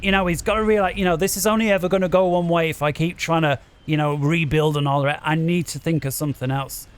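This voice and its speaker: A man commentating a strategy game match with rising excitement, urging the players on and bouncing in his chair at a desk microphone. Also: on the high side, fast talker, clear, resonant tone.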